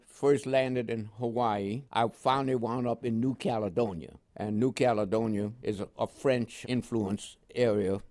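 An older man recounting his wartime service in a relaxed, rambling interview, laughing now and then. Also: medium pitch, no room sound, studio quality. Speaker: veteran guest. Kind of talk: oral history interview.

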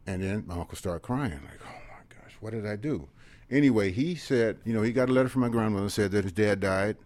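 An older man, a veteran in his seventies, recounts memories to an interviewer in a low voice. He talks earnestly, sinks into hushed asides and tags on a questioning "okay?". The sound is close and dry, with no room around it. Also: no room sound. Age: 70s. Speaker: military veteran guest. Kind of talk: personal storytelling in an interview.

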